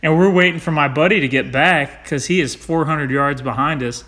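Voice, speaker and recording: A man hosting a casual chat, animated and laughing as he tells stories, with light swearing. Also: on the high side, normal speed.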